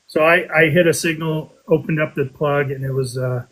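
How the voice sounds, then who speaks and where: A man casually telling a story on a podcast, animated, with his voice jumping up high when he quotes himself. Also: moderate pace, poor audio. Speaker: podcast guest telling a metal detecting story.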